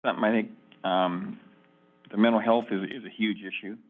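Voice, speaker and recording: A man on a county board giving a plainspoken, halting comment. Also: fairly low pitch, fairly even intonation. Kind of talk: board discussion. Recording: phone-like lo-fi meeting audio.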